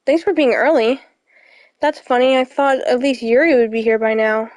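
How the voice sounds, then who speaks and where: A woman's voice: fairly high pitch, steady tone, moderate pace, darkish tone, dry recording, close to an everyday voice. A woman reading the lines of a cheerful teenage girl club president from a visual novel, in a teasing, lightly scolding way. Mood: chiding.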